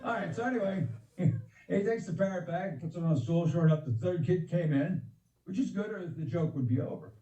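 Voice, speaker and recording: A man's voice: high voice, fairly quick, warm tone, roomy sound, distant mic, lo-fi sound. An older man doing stand-up over a video call, rambling and chuckling at his own jokes. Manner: rambling, laughs at his own jokes, acts out voices in a joke. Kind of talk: stand-up joke telling.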